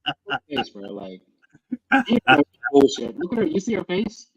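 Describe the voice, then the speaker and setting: A man co-hosting a podcast in casual chat, animated and swearing as he acts out people's reactions. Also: medium pitch, normal speed, vocal fry, slightly rough, dry recording, muffled recording. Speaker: podcast co-host.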